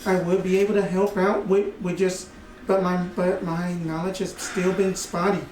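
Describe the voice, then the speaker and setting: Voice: mid-range voice, flat delivery, normal speed, a little mellow. Hesitant player, hedging and trailing off. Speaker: tabletop game player. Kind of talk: casual chat at a game table. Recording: echoey room, mic far off.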